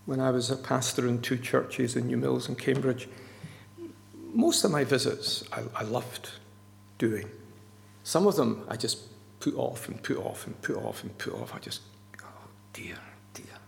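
A man's voice: medium pitch, moderate pace, vocal fry. A man preaching a sermon in an earnest, emphatic way, often repeating his key words. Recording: long church-hall reverb.

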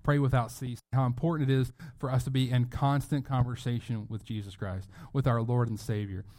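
Man, pastor, sermon, earnest, emphatic, restarts phrases, mid-pitched voice. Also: fairly even intonation, fairly quick, dark tone.

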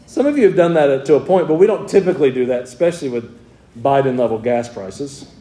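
Fervent preacher in a roomy church. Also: male voice, medium pitch, brisk, dark tone, slight background noise. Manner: fervent preaching that shifts to friendly talk with the congregation. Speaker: pastor. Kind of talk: sermon. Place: church sanctuary.

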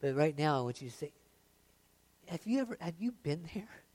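A man preaching a sermon, reading scripture aloud with rising intensity and dropping to soft confiding asides, often stammering and restarting. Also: a little high, very animated, a little fast. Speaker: pastor.

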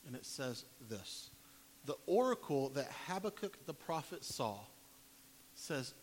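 A man preaching a sermon, reading scripture dramatically, rising to loud pleading and dropping to quiet, low emphasis. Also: big pitch swings, unhurried. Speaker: pastor. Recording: long hall reverb, faint hiss.

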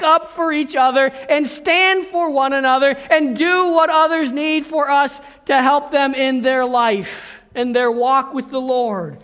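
A man's voice: very high voice, steady tone, a little slow, hardly any pauses, a bit bright. A man preaching a sermon, telling a personal story in a conversational way and often checking in with the congregation. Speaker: pastor. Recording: long hall reverb.

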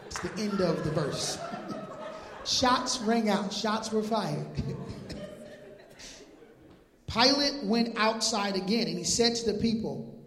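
A male pastor preaching an animated, joking sermon in casual slang, retelling scripture. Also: extremely high pitch, takes it slowly, long pauses. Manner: animated, jokey, laughs at his own lines. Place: church sanctuary. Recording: echoey hall.

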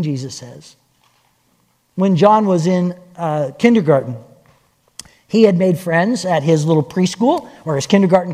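A man preaching a sermon as pastor, telling stories with lively acted-out voices. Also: high voice. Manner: animated storytelling, acting out quoted voices. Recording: long hall reverb.

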